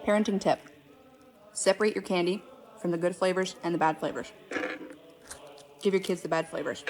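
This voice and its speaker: A woman giving deadpan comedic parenting tips in a breezy, conspiratorial way. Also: on the low side, moderate pace. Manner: breezy, conspiratorial, gets animated. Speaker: comedic content creator.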